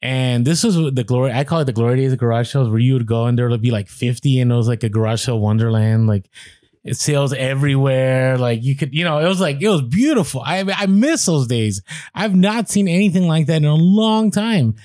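A man's voice: medium pitch, brisk, a little mellow, no room sound, clean studio sound. A man co-hosting a podcast, talking in a reflective, rambling way. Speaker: podcast co-host. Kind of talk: casual chat.

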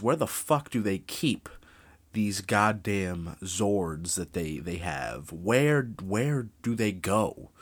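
A young man hosting a true crime podcast, ranting casually, animated and full of swearing. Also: fairly low pitch.

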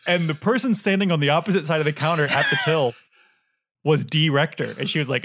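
A man from Ohio co-hosting a podcast, telling stories in a lively, animated way and laughing often. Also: fairly high pitch, fairly quick. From Dayton, Ohio, USA. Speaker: podcast co-host. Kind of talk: casual chat.

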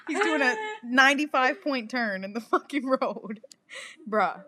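A young woman co-hosting a casual podcast with friends. Her voice sits a little high, and she talks loudly, swears freely and laughs often. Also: animated. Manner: loud, swearing, quick bursts of laughter. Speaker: podcast co-host. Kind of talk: casual chat.

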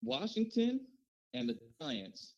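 A man's voice: sits high, huge pitch swings, slow pace, a little mellow, lo-fi sound. A man co-hosting a casual sports podcast, ranting and joking with his friends. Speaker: podcast co-host.

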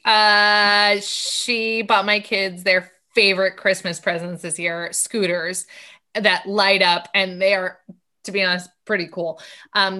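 Co-host, a woman in her thirties with a bright, sharp voice, casual and chatty. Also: lowish voice. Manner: warm reactive listener, fills in with short asides. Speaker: podcast co-host. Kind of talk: casual chat.

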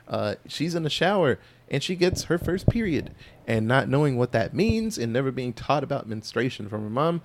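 Sex: man. Role: folksy podcast host. Style: casual movie recap. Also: mid-range voice. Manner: folksy, storytelling, loose asides. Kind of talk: casual chat.

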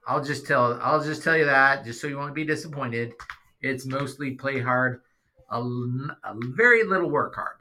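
Laid-back father, bright teasing voice. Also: mid-range voice. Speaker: father co-hosting a home podcast. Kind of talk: casual chat. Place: home, seated at a table.

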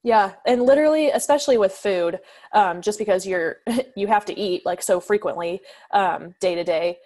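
A woman's voice: mid-range voice, normal speed, darkish tone. A young woman co-hosting a podcast in casual chat, talking in an upbeat way with lots of filler words. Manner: chatty, lots of "like" and "literally", upbeat. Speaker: podcast co-host.

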